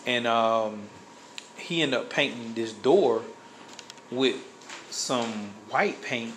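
A man's voice: mid-range voice, slow, fairly bright tone, slight background noise, poor audio. Man rambling through a story. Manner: rambling, many fillers and restarts. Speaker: guest sharing a testimony. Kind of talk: casual storytelling.

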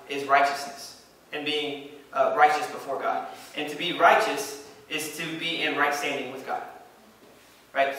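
Emphatic pastor, bright echoing voice. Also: male voice, a little high, far from the mic. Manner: emphatic, repeats phrases, reads scripture aloud. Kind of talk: sermon. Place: church sanctuary.

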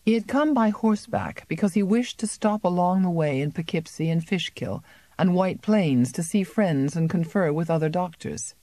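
A woman narrating an unabridged novel as an audiobook in a measured, even storytelling manner. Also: lowish voice, no room sound. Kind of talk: scripted narration.

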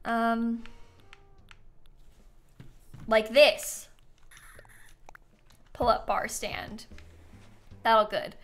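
A woman's voice: fairly high pitch, animated, a little slow, long pauses, sharp tone. A young woman livestreaming a game, chatting casually and thinking aloud, sleepy and yawning as she thanks viewers. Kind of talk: casual gaming stream chat.

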